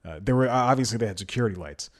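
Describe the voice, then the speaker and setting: A man's voice: on the low side, expressive, quick pace. A man hosting a solo podcast, rambling casually and laughing at himself as he goes. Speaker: podcast host.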